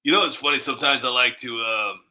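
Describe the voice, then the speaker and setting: Rambling man with a bright voice. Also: medium pitch, fast talker, poor audio. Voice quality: a bit rough, smoker-like. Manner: rambling, candid, laughing at himself. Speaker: comedy video creator. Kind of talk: casual commentary to camera.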